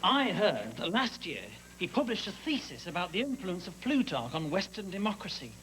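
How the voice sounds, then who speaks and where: A man's voice: high voice, big pitch swings, moderate pace, a bit bright, slight background noise, rough recording. An actor playing a hesitant, polite male games teacher. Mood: timid.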